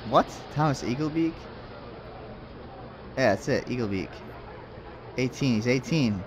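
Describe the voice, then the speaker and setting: A man's voice: medium pitch, lively intonation, unhurried, noisy background. A man casually commenting as he plays a game, rambling and muttering to himself with jokes along the way. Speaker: let's play host.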